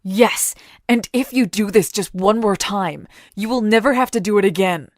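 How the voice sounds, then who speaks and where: A man's voice: sits high, moderate pace, no room sound, clean studio sound, lightly acted. A woman voicing a desperate male companion in an audio story, speaking urgently and then frailly. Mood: urging.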